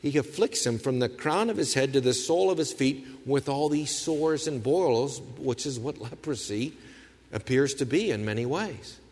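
A man's voice: mid-range voice, lively intonation, moderate pace, a little mellow. A man in his forties preaching a sermon, his delivery rising and falling as he explains. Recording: reverberant hall.

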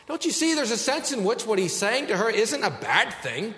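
A man preaching a sermon as pastor, emphatic, slowing down to stress key words. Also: sits high, big pitch swings, sharp tone, echoey room, big-room sound.

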